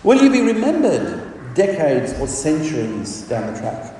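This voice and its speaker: A man's voice: a little high, wildly swooping pitch, a little slow, warm tone, slight background noise. A man preaching a sermon with emphatic delivery and rhetorical questions. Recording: echoey hall from far off.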